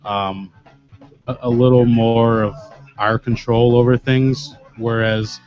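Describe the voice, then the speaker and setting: A man's voice: mid-range voice, flat delivery, slow pace, dull audio, soft background music. A man with a Western New York accent, a band guest on a talk show, speaking hesitantly with many fillers. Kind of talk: interview talk.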